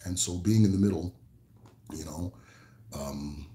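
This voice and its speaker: A man from the American Midwest hosting a casual livestream, answering viewer questions in a relaxed, rambling way with many fillers and restarts. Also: low-pitched, moderate pace, roomy sound.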